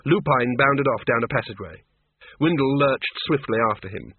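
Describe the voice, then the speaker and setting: Husky male narrator, tinny sound. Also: medium pitch, normal speed, no echo. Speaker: audiobook narrator. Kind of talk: scripted narration. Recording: tinny phone-like lo-fi, dry.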